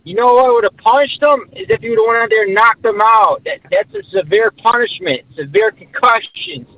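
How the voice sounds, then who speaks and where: A male caller ranting in a high, lively voice that swings up and down. The sound comes through a muffled, dull phone line. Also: brisk. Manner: blunt ranting, mocks others in a put-on voice.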